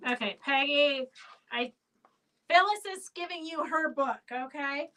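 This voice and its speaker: A woman's voice: high-pitched, measured pace, bright, forceful tone, recorded from a distance, rough recording. A woman who owns a fabric shop hosts a live sale stream, chatting in a rambling way and calling out auction winners by name.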